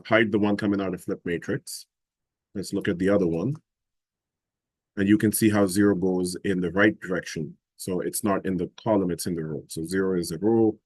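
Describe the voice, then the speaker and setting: Low husky male instructor, dry sound. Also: a little mellow, no room sound. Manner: explains step by step, thinking aloud. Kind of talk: live class software tutorial.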